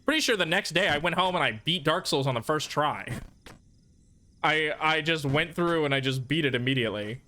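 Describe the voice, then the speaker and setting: A man's voice: fairly high pitch, lively intonation, brisk, bright, forceful tone, slight background noise. A man streaming a video game, telling a rambling, profane story to his chat. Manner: profane, ranting, self-deprecating. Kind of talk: casual storytelling while gaming.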